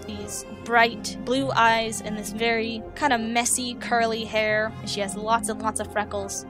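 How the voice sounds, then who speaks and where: A woman narrating a tabletop horror game as game master, casual and halting, with many fillers. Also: a little high.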